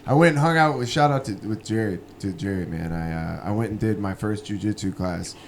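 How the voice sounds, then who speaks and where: A man's voice: lowish voice, fairly quick, slight background noise. A young man hosting a podcast, telling stories in casual chat with lots of laughing and crude slang. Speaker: podcast host.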